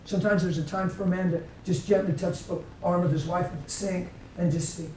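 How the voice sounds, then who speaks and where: A man with a high, steady, darkish voice preaches a little fast, barely pausing. His conversational sermon includes stories and acted-out quotes, recorded far off in an echoey church meeting room with faint background noise.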